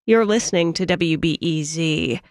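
A woman radio host introducing a news story in a crisp, formal way. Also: sits low, normal speed, dry recording, studio quality.

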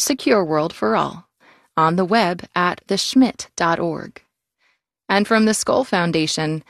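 Polished woman announcer, low voice. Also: gravelly, no room sound, clean studio sound. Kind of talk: sponsor read.

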